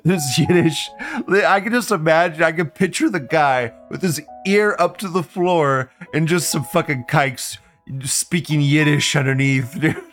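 A man's voice: a little high, unhurried, fairly bright tone, soft background music. A man hosting a live commentary show, rambling and swearing, often breaking into laughter and repeating phrases. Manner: profane, rambling, frequent laughter. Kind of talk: casual livestream commentary.

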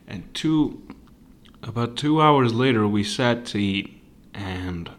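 A young man from Serbia hosts a casual solo podcast, drawling through long, unhurried stories. He swears freely, mocks himself and laughs at his own jokes. His voice sits at an ordinary middle pitch. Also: fairly bright tone. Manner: profane, rambling, self-mocking, laughs at his own jokes. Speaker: podcast host.

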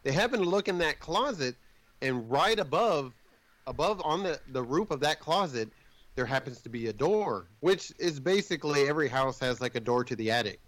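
A man's voice: on the high side, normal speed, no echo, rough recording. Rambling man recapping a movie casually. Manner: rambling, swears casually, lively storytelling.

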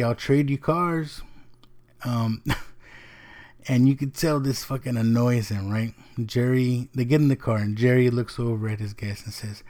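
A man hosts a solo podcast in a loose, rambling way, filling pauses with ums and dropping casual swear words. His voice is mellow and relaxed, at an ordinary pitch. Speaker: podcast host.

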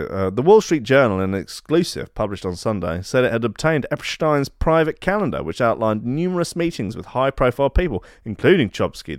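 A man's voice: lowish voice, dry recording, clean studio sound. A man hosting a podcast, ranting sarcastically and swearing freely. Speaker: podcast host. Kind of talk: ranting comedy podcast monologue.

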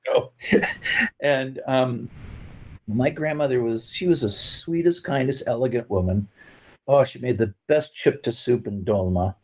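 A man's voice: medium pitch, measured pace, darkish tone, poor audio. Rambling man telling family stories. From California. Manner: rambling with many fillers and restarts, laughing at his own stories. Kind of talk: casual storytelling.

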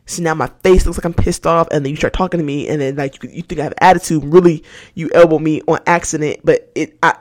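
A woman's voice: fairly low pitch, brisk, no echo, studio quality. Candid, laughing woman podcaster. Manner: animated and candid, laughs often, repeats words. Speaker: podcast host. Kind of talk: casual solo podcast talk.

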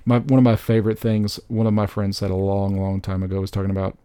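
A man, perhaps in his thirties, co-hosting a podcast in a casual, animated chat, joking and laughing often. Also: lowish voice, fast, smooth, no room sound. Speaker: podcast co-host.

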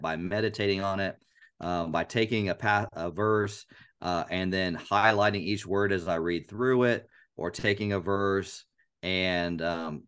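A man co-hosting a podcast, talking about scripture in an earnest, animated way and repeating phrases aloud to show a point. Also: sits low, clean tone. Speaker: podcast co-host. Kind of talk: casual Bible discussion.

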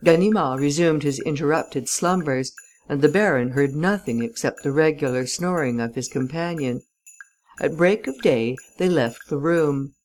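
A woman narrating a classic story as an audiobook reader, in a measured, even manner. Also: sits low, rough recording. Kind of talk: scripted narration of a classic novel.

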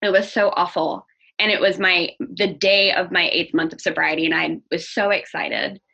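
A young woman with a bright, somewhat husky voice talks earnestly and openly in a personal conversation. She grows animated when she talks about anger. The recording sounds dull and lo-fi. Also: lowish voice, normal speed. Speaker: guest. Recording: dull lo-fi audio.

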